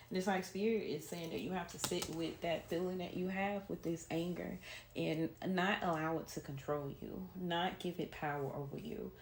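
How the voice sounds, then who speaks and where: A woman's voice: fairly low pitch, a little mellow. A woman giving a chatty, soothing tarot reading to her viewers. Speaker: tarot reader. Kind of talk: casual spiritual reading. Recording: echoey room with noise.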